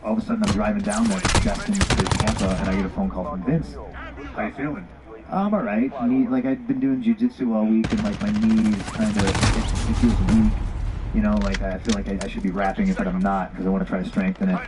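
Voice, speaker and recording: A man's voice: on the low side, quick pace, background noise. A man telling a story bluntly with lots of swearing, acting out both sides of old conversations. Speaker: former pro wrestler telling a story. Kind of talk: casual candid storytelling.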